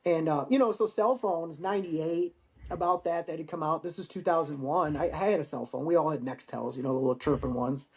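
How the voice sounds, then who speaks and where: A middle-aged man, a guest talking over a remote call, telling war stories in a profane, animated way. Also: a little high, a little fast. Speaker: guest, Marine veteran. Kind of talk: casual storytelling interview.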